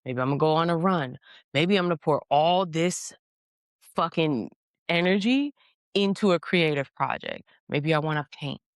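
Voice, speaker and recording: A woman host telling a story in a blunt, profane, animated way, in a casual monologue. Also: deep voice, moderate pace, no room sound, studio quality. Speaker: podcast host.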